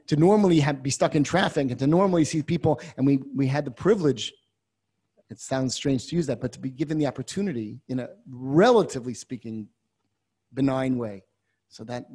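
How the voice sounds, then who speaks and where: Teaching a class on a biblical text, this Torah teacher has a mid-range, slightly rough voice. He swings from quiet asides to loud, impassioned readings and uses many Hebrew terms.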